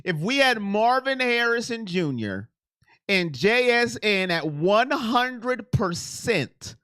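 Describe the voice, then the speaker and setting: A man hosting a sports livestream, chatting excitedly and directly with his viewers. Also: high voice, takes it slowly, clear, resonant tone, no echo, clean studio sound. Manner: excitable, talks straight to chat. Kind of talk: casual live-stream chat with viewers.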